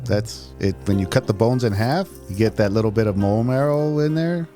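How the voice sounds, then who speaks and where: Lower-voiced man cracking jokes. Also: normal speed, mellow, faint music behind. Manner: joking interjections, chuckling. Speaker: podcast co-host. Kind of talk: casual chat.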